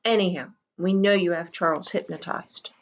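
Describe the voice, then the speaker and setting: A woman reads the part of an athletic teenage boy, steady and determined. He speaks low and urgently, with a dry wry touch. His voice sits a little low. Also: normal speed, dull audio, natural voice. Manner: hushed, urging, wry.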